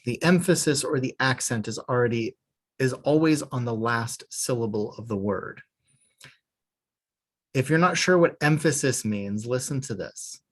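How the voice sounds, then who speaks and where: A man's voice: medium pitch, measured pace. A man leading a beginner class, patient and methodical. He breaks each point into small steps and slips in a dry joke now and then. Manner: patient, explains step by step with small jokes. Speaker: Hebrew teacher. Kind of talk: online class instruction.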